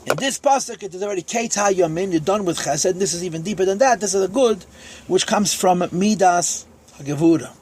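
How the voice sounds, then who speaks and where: Guy with a husky kinda high voice teaching psalms, reads the hebrew then explains it in english. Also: fairly quick, darkish tone. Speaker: Torah teacher. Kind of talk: lesson explaining Psalm verses at a gathering.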